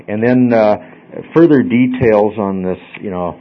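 A man's voice: lowish voice, measured pace. Rambling man teaching a small class. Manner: rambling, repeats words and restarts, conversational. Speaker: Bible study teacher. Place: small class room, group in a circle. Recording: dull lo-fi classroom recording.

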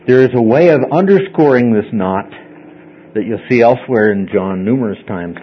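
A man's voice: medium pitch, expressive, normal speed, lo-fi sound, a little hiss or hum. A man teaching a Bible study class to a group, explaining step by step in a conversational way and often checking in with "okay?". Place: classroom with listeners.

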